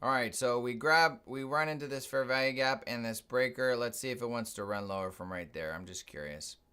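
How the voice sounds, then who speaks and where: A man's voice: mid-range voice, brisk, sharp tone, smooth. A man hosting a live trading stream, casually thinking aloud and explaining his moves as he watches the charts.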